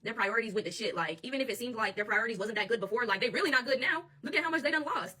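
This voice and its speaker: Tarot reader, woman, AAVE, quick and sharp-toned, mic set back a bit. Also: fairly high pitch, lively intonation, breathy edge, distant mic. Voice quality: blunt and profane, laughs often. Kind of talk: channeled tarot reading monologue.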